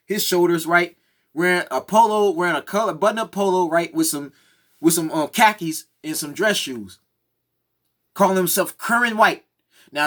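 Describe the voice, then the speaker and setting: A man's voice: high voice, sharp tone. A man giving a heated, opinionated commentary, often tagging his points with "right?". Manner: heated, repeats "right?" and "come on now, man". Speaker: commentary vlogger. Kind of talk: opinionated monologue.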